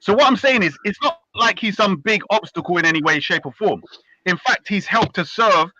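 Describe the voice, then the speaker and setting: A brash man with a high, piercing voice runs a heated online debate. His delivery is mocking and he talks over others. The call audio is muffled and dry. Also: expressive, normal speed, pushed and bright, no room sound. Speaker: host of a live online debate.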